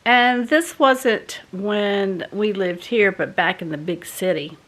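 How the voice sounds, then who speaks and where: A woman's voice: mid-range voice, takes it slowly. A woman vlogger, telling a folksy home story to the camera in a chatty way. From American South. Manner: chatty, folksy, animated when retelling. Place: home in a doublewide.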